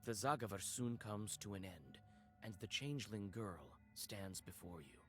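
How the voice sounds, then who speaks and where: Man narrating a dark tale in second person. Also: on the low side, animated, soft background music. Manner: measured, atmospheric.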